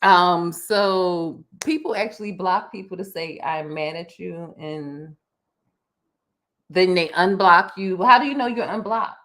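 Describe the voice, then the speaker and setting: A woman's voice: lowish voice, a little slow. A woman, co-hosting a casual podcast and telling stories with lots of fillers and restarts. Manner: rambling, animated storytelling with many fillers and restarts. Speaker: podcast co-host. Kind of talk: casual chat.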